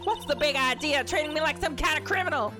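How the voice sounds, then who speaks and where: A woman voicing a brash, defensive female witness who speaks indignantly and loudly. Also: sits high, fast talker, over music, close to an everyday voice. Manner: indignant, loud.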